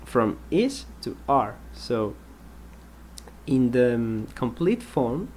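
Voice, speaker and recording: A man teaching an English grammar lesson, patient and explanatory, repeating example sentences and pausing with ums. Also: mid-range voice, very animated, darkish tone, a little hiss or hum.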